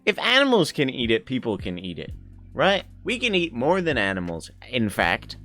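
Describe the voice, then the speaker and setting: A man's voice: mid-range voice, wildly swooping pitch, fairly bright tone, soft background music. A young man streaming live, chatting casually with viewers in a playful, rambling way and arguing jokingly. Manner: playful, rambling, quick to laugh and argue jokingly. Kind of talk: casual chat reacting to viewer chat.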